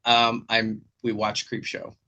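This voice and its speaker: Animated bright-voiced man on a video call. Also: on the low side, takes it slowly, highs cut off. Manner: animated storyteller, swears freely. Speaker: podcast host. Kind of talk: casual chat.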